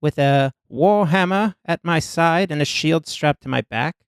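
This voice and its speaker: A man playing a tabletop game, reading his character sheet in animated casual talk. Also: fairly high pitch, a little slow, clear, resonant tone, no echo, clean studio sound. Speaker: player.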